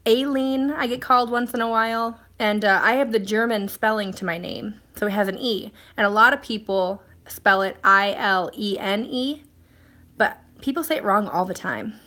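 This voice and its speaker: A woman's voice: mid-range voice, normal speed, bright, forceful tone. Woman, live-stream host, casual chat, rambling, filler words, restarts. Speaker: live stream host reading viewer comments.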